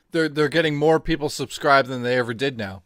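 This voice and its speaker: A man's voice: medium pitch, normal speed, a bit bright, dry recording, studio quality. A man co-hosting a casual livestream, chatting in an offhand, joking and profane way. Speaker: co-host.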